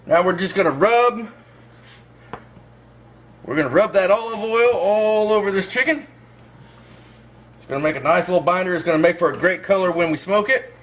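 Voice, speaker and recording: A man hosting a cooking channel, talking viewers through a recipe step by step in a relaxed, folksy way. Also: high-pitched, slight background noise. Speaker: host of a barbecue cooking channel. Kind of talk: casual cooking demonstration.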